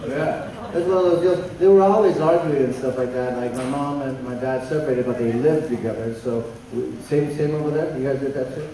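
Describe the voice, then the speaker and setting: A man doing stand-up in front of a live audience, teasing and chatting with the crowd in a loud, playful way. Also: mid-range voice, fairly quick, far from the mic, noisy background. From El Paso, Texas. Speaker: stand-up comedian. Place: comedy show stage with a live audience. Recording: echoey live venue, mic from afar. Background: audience laughter and chatter.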